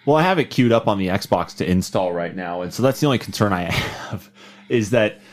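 Male podcast host, low voice, relaxed, moves things along. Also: fairly quick. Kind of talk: casual gaming podcast chat.

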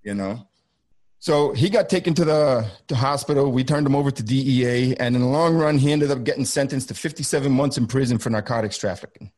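On a video call, a middle-aged man with a mid-range, somewhat mellow voice describes a riveting episode from his time as a federal border agent. He speaks intensely but haltingly, returning again and again to things he's already said.

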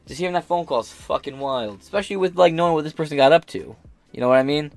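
A man's voice: on the high side, quick pace, gravelly, soft background music. An American man hosting a podcast, reacting to news clips in blunt, profane casual commentary. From United States. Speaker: podcast host.

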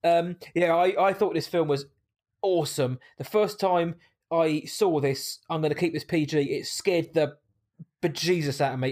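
A man co-hosting a podcast, chatting casually and emphatically about a horror film, quick to laugh. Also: a little high, a little mellow. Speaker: podcast co-host. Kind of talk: casual movie-review chat.

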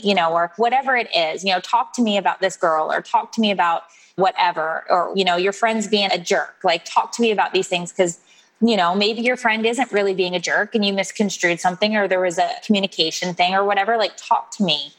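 A woman's voice: medium pitch, brisk, a bit bright, rough recording. A woman in her forties chats as an interview guest, spinning stories and slipping into playful voices for the people she quotes. Her voice sits in the middle range. She talks in a loose, conversational way. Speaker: guest author. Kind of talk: casual interview chat.

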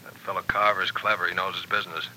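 A man's voice: low voice, level tone, fast, sharp tone, a little hiss or hum, rough recording. An actor playing a grim man reporting on a kidnapping search in a 1940s radio drama. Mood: grave.

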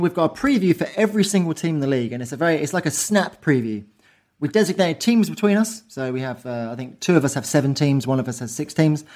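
A man hosting a casual football chat podcast. His voice sits high for a man and he talks with brash, sweary energy, tossing out quick banter. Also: darkish tone. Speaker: podcast host.

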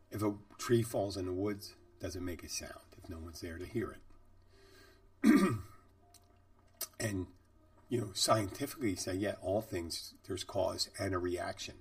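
Low-voiced man musing in a monologue. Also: creaky, no room sound, recorded from a distance. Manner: rambling, conversational, with fillers. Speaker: podcast host and bartender. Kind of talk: reflective storytelling monologue.

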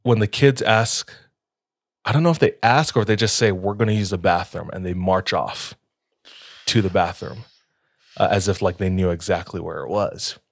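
A man's voice: deep voice, normal speed, creaky, long pauses, no echo, studio quality. A young man casually telling a spooky story on a podcast, laid-back with lots of filler words.

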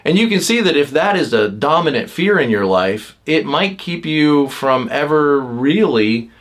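A man hosting a podcast, talking casually about personality types, with many fillers and quick acted-out lines from other people. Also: on the high side, lively intonation, a bit bright. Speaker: podcast host. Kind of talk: casual teaching talk.

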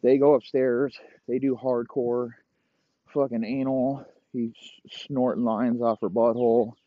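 A young man hosting a comedy podcast, rambling through a crude, profane made-up story and dropping into low mock voices for the characters. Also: level tone, unhurried, dry recording. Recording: dry, muffled lo-fi audio.

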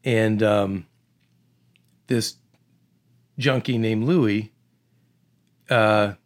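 A middle-aged man from the Boston area telling an animated story in casual conversation, acting out voices and often restarting his sentences. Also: on the low side, drawn-out words.

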